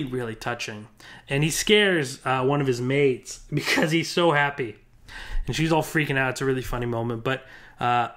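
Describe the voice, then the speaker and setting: Brief: young male film reviewer, slightly higher voice, earnest and rambling, casual to-camera talk. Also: a bit bright. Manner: earnest, rambling with many restarts. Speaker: movie reviewer.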